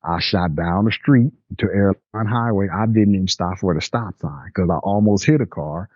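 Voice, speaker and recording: A deep-voiced older man speaks at a moderate pace, telling his own story in vivid, down-to-earth vernacular. The recording is dry and slightly muffled.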